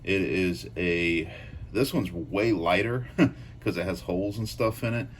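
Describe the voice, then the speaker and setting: Man with a very low voice, casual and profane knife-channel storyteller who rambles. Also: a little slow, slight background noise. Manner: loose, profane, rambling with frequent fillers.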